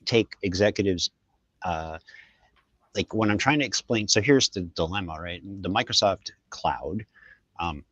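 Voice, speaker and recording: A man co-hosting a tech podcast, talking in a relaxed, rambling way with many fillers. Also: sits low, a little slow, no echo. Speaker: podcast co-host. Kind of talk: casual tech chat.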